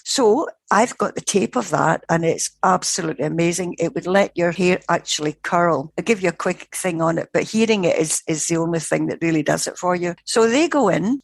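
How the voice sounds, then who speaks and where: An older woman, a psychical researcher, telling a story in a lively, rambling way that keeps correcting itself. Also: on the low side, no room sound. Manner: animated, digressive, self-correcting. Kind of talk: conversational storytelling.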